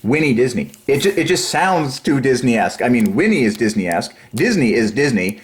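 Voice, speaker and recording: A man hosting a religious channel, rambling through a numerology monologue, excitable and giggly, then dropping to low quiet mumbling while he counts. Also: normal speed. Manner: giggly, excitable, breaks into high laughs. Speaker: religious YouTube channel host.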